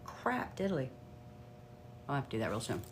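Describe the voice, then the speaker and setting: With an extremely low, sing-song voice at a moderate pace, a middle-aged tarot card reader hosts a live stream against a noisy background. She chats casually, welcomes viewers by name and murmurs asides to herself.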